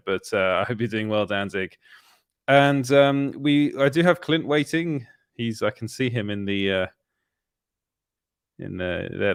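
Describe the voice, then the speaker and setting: A man's voice: mid-range voice, no echo, studio quality. A man hosting a casual live stream, upbeat and chatty, greeting viewers in the chat. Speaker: host.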